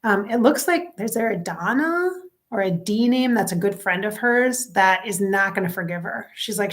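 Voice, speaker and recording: Woman, psychic medium, casual chat to viewers, soft whispered asides, average pitch. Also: expressive, moderate pace. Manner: chatty, addresses viewers directly, drifts into soft near-whispered asides. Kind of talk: casual spoken reading on camera.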